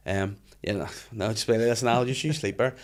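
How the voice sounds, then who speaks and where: A man, hosting a casual podcast chat, swearing freely and telling animated stories. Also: fairly low pitch, moderate pace. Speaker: podcast host.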